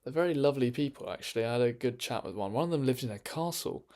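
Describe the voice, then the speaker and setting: A man chatting casually on a livestream, rambling and hesitant with many fillers, sometimes dropping into hushed, half-whispered asides. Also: mid-range voice, expressive, fast talker. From England. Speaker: streamer.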